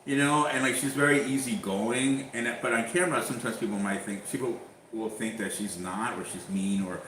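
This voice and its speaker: Guy telling a story, gets animated and acts out who said what, mid voice, echoey room with faint ambience. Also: mid-range voice, moderate pace, slight background noise. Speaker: YouTuber guest. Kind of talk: casual chat, storytelling.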